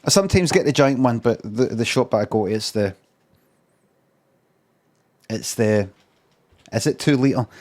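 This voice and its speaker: A man's voice: mid-range voice, lively intonation, unhurried, long pauses, darkish tone. A middle-aged man with a Scottish accent, ranting in a rambling improvised comic monologue full of swearing and repeated phrases. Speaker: live streamer.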